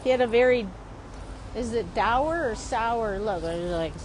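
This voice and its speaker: A woman from Chicago, a drawing teacher, telling a story in a lively, chatty way while she draws. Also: fairly high pitch, unhurried, slight background noise. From Chicago, USA. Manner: lively, keeps asking "right?".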